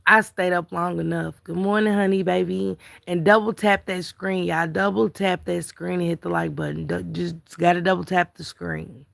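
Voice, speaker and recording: A woman's voice: lowish voice, fairly even intonation, normal speed, creaky, hardly any pauses. A tired woman hosting a casual live stream, chatting about celebrity gossip and greeting viewers in chat. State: tired, yawning. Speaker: livestream commentator.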